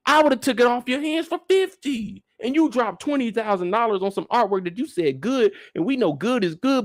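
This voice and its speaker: A man's voice: extremely high pitch, expressive, normal speed, few pauses, dry recording, studio quality. A man hosting a live after-show discussion, ranting in disbelief at his viewers and repeating phrases for emphasis. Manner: talks straight to his viewers. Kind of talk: animated live reaction commentary.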